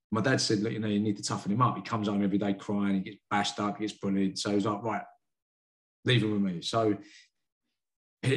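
Low-voiced man telling a story. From United Kingdom. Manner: frank, earnest, quick to admit feelings. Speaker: karate sensei and boxing coach, podcast guest. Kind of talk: candid storytelling in a podcast interview.

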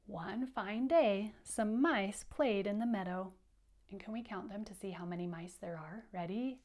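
A woman teacher reading a picture book aloud to young children at an unhurried, deliberate pace. She is patient and encouraging, and she invites the kids to count along with her. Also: medium pitch, darkish tone. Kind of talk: interactive children's read-aloud.

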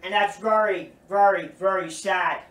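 A high-pitched man preaches slowly and earnestly, leaning on repetition for emphasis. He sounds set back from the mic in a roomy, echoing space. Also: fairly even intonation, fairly bright tone. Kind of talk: recorded sermon teaching. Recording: roomy echo, distant from mic.

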